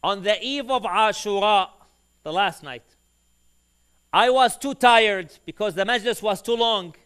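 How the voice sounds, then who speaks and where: A man's voice: high voice, unhurried, clean tone. A man preaching a sermon, telling a long story and acting out the dialogue of its people. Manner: animated storyteller who acts out quoted dialogue.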